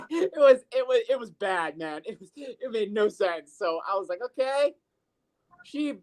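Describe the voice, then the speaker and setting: A podcast co-host in casual chat, telling stories in an animated, profane way full of fillers. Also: mid-range voice, moderate pace.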